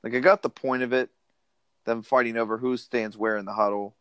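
A man's voice: mid-range voice, fairly even intonation, brisk, a bit bright, clean tone, dry recording. A man casually chatting about a movie, opinionated and plain-spoken. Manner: opinionated, plain-spoken, brings prepared facts. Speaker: podcast co-host.

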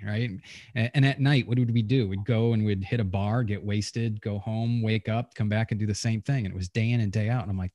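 A man's voice: on the low side, fairly even intonation, a little fast, warm tone, dry recording. A middle-aged man talks candidly in a casual interview and tells stories with salty language. He often stumbles and restarts his sentences. He is recorded dry and close on a studio mic. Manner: candid, profane storytelling with many restarts. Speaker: podcast guest, retired pilot.

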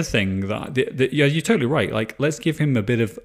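A man's voice: medium pitch, expressive, a little fast. A man co-hosting a casual film review chat, rambling with restarts and swearing for emphasis. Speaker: podcast co-host.

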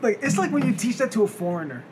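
A man co-hosting a casual podcast with a fairly high voice, tossing out questions and often stumbling and restarting mid-sentence. Faint noise hangs behind him. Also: sing-song, fast talker, a little mellow. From Philadelphia. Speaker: podcast co-host. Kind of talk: casual chat.

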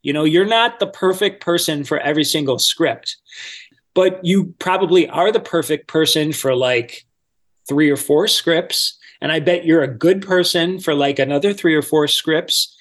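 A man, a voice-over coach, explaining his methods step by step in a relaxed podcast interview. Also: a little high, moderate pace.

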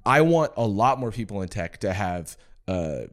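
A young man co-hosts a podcast and talks in a relaxed, thoughtful way. He often pauses on fillers before getting to his point. His voice sits a bit low. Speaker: podcast co-host. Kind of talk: casual chat.

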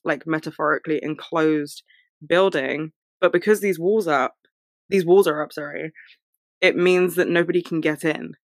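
A young woman talking casually to listeners and giving friendship advice, full of fillers, her voice jumping high when she gets excited. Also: no echo, studio quality.

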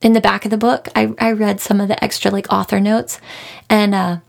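Gravelly-voiced woman, heartfelt podcast host. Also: mid-range voice, flat delivery, a little fast. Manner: heartfelt, emotional, earnest. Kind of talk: casual book review monologue.

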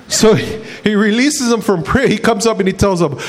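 Male pastor preaching, tells stories, laughs at his own jokes, voice sits a bit high. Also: moderate pace. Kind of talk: sermon.

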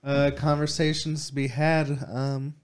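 A man hosting a casual podcast chat, laid-back and halting, swearing offhandedly. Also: a little high, little pitch movement, clean tone. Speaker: podcast host.

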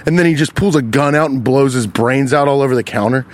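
A young man hosting a podcast, telling a rant-style story outdoors on a city street, animated and profane. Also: mid-range voice, fast talker, hardly any pauses. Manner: animated, profane, riffs on his own story. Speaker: podcast host.

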